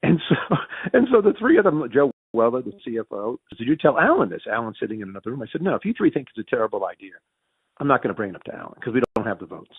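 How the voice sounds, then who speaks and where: A man with a Yankee accent tells business stories in an interview, his gravelly, slightly husky voice leaping around in pitch as he plays out each quoted exchange. He trips over his words and restarts often. The sound is thin and phone-like, with no room around it. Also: fast, no room sound. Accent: Northern US Yankee. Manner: animated, acts out quoted dialogue with big pitch jumps; frequent restarts and repeated words. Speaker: interview guest. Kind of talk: storytelling in a conversational interview. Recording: tinny phone-like dry audio.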